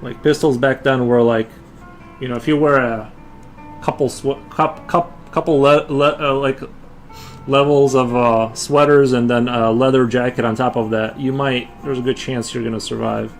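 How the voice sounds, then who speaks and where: A man's voice: mid-range voice, fairly even intonation, normal speed, faint music behind. A man chatting casually with his viewers while drawing on a livestream, rambling with frequent restarts. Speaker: livestream artist.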